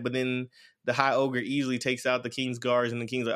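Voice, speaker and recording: A man talks through an anime plot in a loose, rambling recap, stacking up "like" and "blah, blah, blah." His voice sits at a middle pitch for a man. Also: flat delivery, fairly quick, a bit bright. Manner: rambling, lots of fillers like "blah, blah, blah". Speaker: anime reviewer. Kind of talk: casual show recap.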